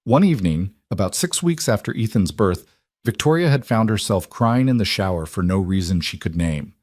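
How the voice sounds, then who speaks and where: A man reading a drama story aloud in a steady, even narration. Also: lowish voice, normal speed, dry recording, clean studio sound.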